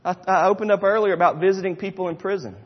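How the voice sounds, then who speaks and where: A man's voice: sits high, steady tone, fast talker. A middle-aged man preaching a sermon in a church, emphatic and repetitive, acting out the people he quotes. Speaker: pastor. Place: church sanctuary. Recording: dull sound with long hall reverb.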